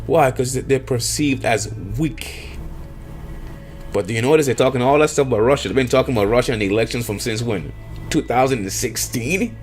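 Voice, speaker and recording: A man delivering an emphatic monologue, lecturing and firing off rhetorical questions. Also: mid-range voice. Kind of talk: emphatic monologue on power politics.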